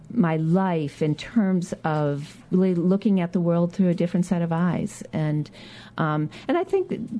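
This is an older woman from Michigan with a Midwestern accent, speaking as a radio guest. Her voice sits low and mellow, and she talks in an easygoing, chatty way, full of fillers and small laughs. The sound comes from a radio studio. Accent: Midwestern American. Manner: chatty and warm, laughs often, many fillers and restarts. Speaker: guest, outgoing city council member. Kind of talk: radio interview, reminiscing.

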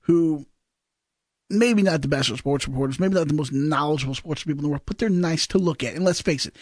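A man's voice: fairly high pitch, brisk, darkish tone, no room sound, clean studio sound. A man from Virginia co-hosting a podcast, joking and teasing as he rambles through a story. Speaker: podcast co-host. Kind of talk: casual banter.

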